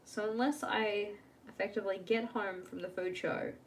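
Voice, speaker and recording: Young woman rambling on a home livestream, laughs at herself a lot, mid pitch, faint hum behind. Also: steady tone, moderate pace. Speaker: live streamer. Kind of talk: casual live-stream chat while journaling.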